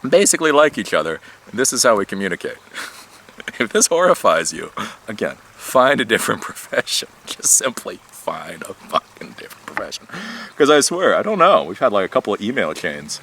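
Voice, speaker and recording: Man, low voice, very lively pitch, bright and forceful tone, casual rambling monologue, faint outdoor noise. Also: fairly quick, gravelly. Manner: rambling, animated, swears casually, laughs often. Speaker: tech YouTuber.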